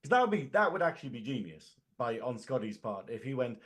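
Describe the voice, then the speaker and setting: A man's voice: mid-range voice, sing-song, a little fast, hardly any pauses. A man on a casual film review podcast, talking enthusiastically and thinking aloud as he makes his points. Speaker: podcast co-host or guest.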